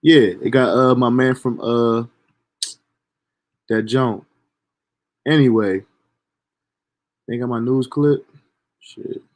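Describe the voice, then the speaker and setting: Casting: young man, casual storyteller, profane and lively, mid-range voice. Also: medium pitch, takes it slowly, long pauses. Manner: animated, profane, laughs at own story. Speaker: storyteller streamer.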